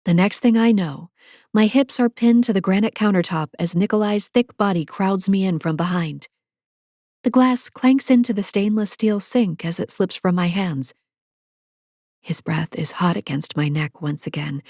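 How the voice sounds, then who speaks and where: Recorded on a close studio mic with clean sound and no room echo, a woman with a fairly low, slightly mellow voice narrates a first-person romance novel as an audiobook. She tosses in sassy, playful asides and drops to breathy whispers during intimate moments.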